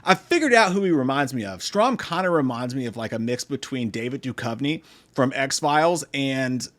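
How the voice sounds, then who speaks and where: A man's voice: medium pitch, lively intonation, moderate pace, fairly bright tone. A man giving a casual comedic film review, sarcastic and profane, who often slips into mocking impressions. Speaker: movie review host.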